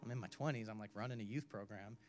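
A man preaching a sermon, telling a personal story in an animated way, with sudden loud bursts and quiet drops. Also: fairly low pitch, quick pace, over music. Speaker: pastor.

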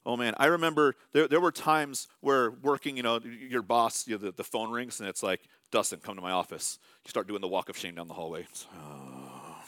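A man's voice: medium pitch, moderate pace, few pauses, a bit bright, dry recording. A man in his thirties preaching a sermon as pastor, in a conversational, self-amused way with small acted asides.

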